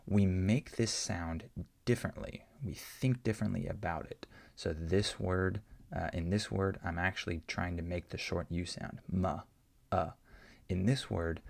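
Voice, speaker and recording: A man's voice: deep voice, vocal fry, darkish tone. A man teaching English pronunciation in an unscripted online lesson, explaining patiently with many fillers and "right?" checks.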